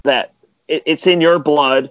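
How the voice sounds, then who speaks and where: A man's voice: a little high, measured pace, no echo, dull audio. A man music producer chatting in an interview, telling stories animatedly with lots of filler words. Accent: Metro Detroit. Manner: animated storyteller, many "like" fillers. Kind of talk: casual interview chat.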